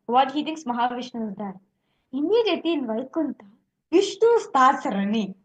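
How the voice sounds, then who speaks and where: High-voiced woman explaining, full of "like". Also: big pitch swings, normal speed. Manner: casual, many fillers like "like". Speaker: spiritual speaker. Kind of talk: spiritual teaching talk. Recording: dull muffled recording.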